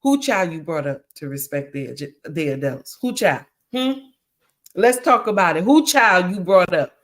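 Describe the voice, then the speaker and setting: A woman's voice: lowish voice, sing-song, measured pace. A middle-aged woman hosting a livestream, giving preachy relationship advice with emphatic repetition, often calling listeners honey and mama. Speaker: livestream host.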